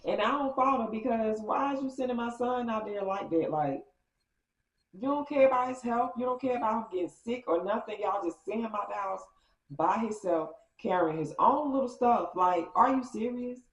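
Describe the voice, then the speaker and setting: A woman vlogger telling a story in a casual, animated way, acting out quotes with big jumps in pitch. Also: moderate pace, roomy sound, rough recording.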